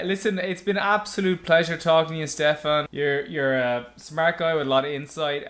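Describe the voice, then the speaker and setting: Enthusiastic podcast host with a higher voice. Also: male voice, a bit bright. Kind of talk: casual podcast chat.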